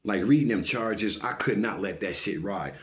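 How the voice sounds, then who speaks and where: A man telling a story in a casual, animated way, full of profanity and asides, often stopping to tell the listener to pay attention. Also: lowish voice, moderate pace.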